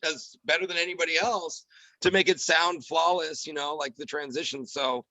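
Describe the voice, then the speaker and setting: A man talking quickly and with animation in a casual podcast chat, a comedian and radio host. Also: on the high side, no echo, low-quality recording. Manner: animated, quick, drops into character voices.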